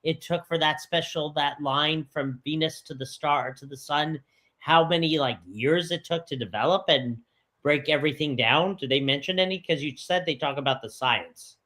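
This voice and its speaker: A man co-hosting a casual movie podcast, curious, asking questions and reacting quickly. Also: a little high, sharp tone. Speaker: podcast co-host. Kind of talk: casual movie review chat.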